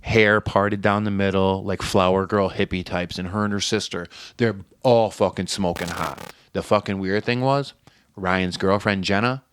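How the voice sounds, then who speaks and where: A man's voice: low-pitched, fairly even intonation, moderate pace, fairly bright tone, smooth. A man from Connecticut telling a story as a podcast guest in casual, profane chat. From New Haven, Connecticut.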